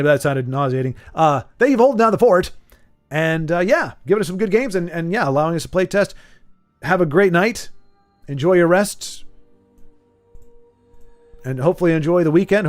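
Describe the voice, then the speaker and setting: Chatty, rambling male game streamer. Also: a little high. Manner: rambling, joking, self-correcting. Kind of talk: casual live-stream chat.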